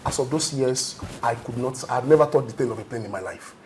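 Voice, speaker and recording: A man's voice: medium pitch, fairly quick, a little mellow, a little hiss or hum. A man arguing emphatically as a guest in a panel debate, lecturing and often checking "you understand?".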